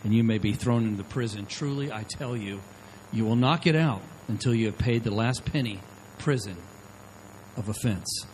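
A man's voice: on the low side, normal speed, a little mellow, a little hiss or hum, low-quality recording. Conversational middle-aged male pastor. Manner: conversational storytelling, frequent "okay?" check-ins. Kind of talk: sermon.

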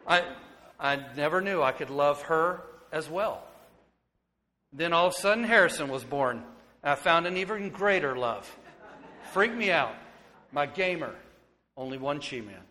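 Pastor preaching in a reverberant hall. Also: male voice, a little high, unhurried, long pauses, a little hiss or hum. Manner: swings from hushed and tender to loud and excited. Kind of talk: sermon. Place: church sanctuary.

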